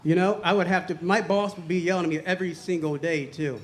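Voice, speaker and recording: A man's voice: sits high, fairly even intonation, quick pace, few pauses. A man doing a crude, rambling stand-up set on a comedy club stage. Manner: crude, rambling joke delivery.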